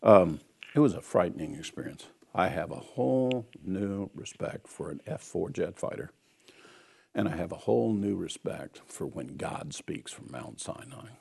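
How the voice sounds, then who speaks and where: A man's voice: deep voice, animated, normal speed, creaky, darkish tone, slightly rough. A man preaching a sermon, telling a personal story and exhorting his listeners in an earnest storytelling way.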